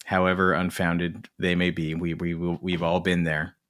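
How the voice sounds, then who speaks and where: A man co-hosting a podcast, chatting casually and animatedly about films. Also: deep voice. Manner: animated, swings into quick put-on voices. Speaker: podcast co-host. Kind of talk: casual film discussion.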